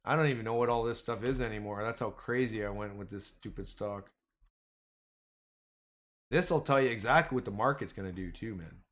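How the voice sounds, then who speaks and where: A man chatting casually through a trading livestream, rambling and excitable, calling his viewers "boys" and "man". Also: lowish voice, moderate pace. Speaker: stock trading streamer. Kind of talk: casual livestream chat over charts.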